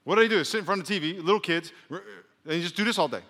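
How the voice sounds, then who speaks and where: High, bright-voiced preaching man. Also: very fast, big-room sound. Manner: animated preaching with call-and-response, jokey asides. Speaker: pastor. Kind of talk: sermon. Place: church sanctuary.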